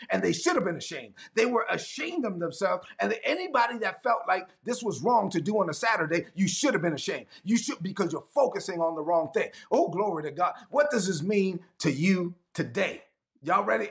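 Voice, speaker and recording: Gravelly, high-pitched, fiery male preacher. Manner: animated, repeats lines for emphasis, bursts into shouts. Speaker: pastor. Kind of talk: energetic sermon.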